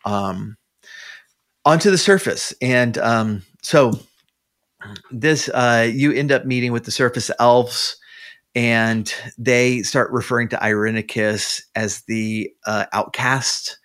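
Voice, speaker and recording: A man's voice: medium pitch, slow, a bit bright. A man, a podcast guest, chatting casually and retelling a story, with many restarts and fillers. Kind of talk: casual chat.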